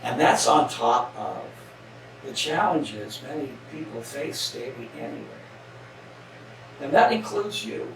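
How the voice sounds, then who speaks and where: A man's voice: a little high, creaky, fairly bright tone. Canadian man giving an echoey devotional. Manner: earnest, emphatic repetition of phrases. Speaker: devotional speaker. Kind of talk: spoken devotional. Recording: echoey room, distant mic, faint noise.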